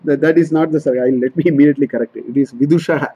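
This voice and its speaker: A man's voice: on the high side, steady tone, racing, warm tone, slightly rough, rough recording. A man teaching a scripture study class, explaining verses line by line and often repeating and correcting himself. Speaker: Vedanta teacher.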